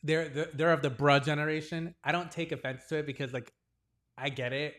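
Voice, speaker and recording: A man's voice: a little high, fairly quick. Chatty man in his forties, storytelling. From New England, US. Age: 40s. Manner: animated storyteller who acts out the voices of others in his stories. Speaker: podcast co-host. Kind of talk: casual chat.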